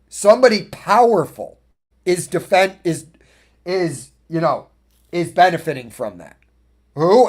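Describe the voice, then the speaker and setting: A man with a fairly high voice rants through an opinionated podcast monologue. He is blunt and swears freely, and he tells his stories in a loose, casual way. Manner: blunt, profane, ranting storyteller. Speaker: podcast host.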